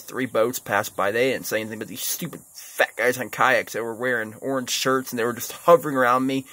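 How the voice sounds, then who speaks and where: A man's voice: mid-range voice, sharp tone. A middle-aged man vlogging at the beach, ranting in an irritated, complaining way and repeating his grievances. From USA. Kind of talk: ranting vlog.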